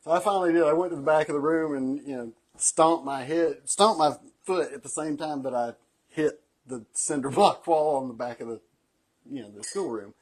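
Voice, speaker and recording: A man's voice: a little high, moderate pace. A middle-aged man co-hosting a casual cocktail show, telling stories, laughing often and acting out the voices of the people in them. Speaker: co-host of a cocktail livestream. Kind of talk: casual chat, storytelling.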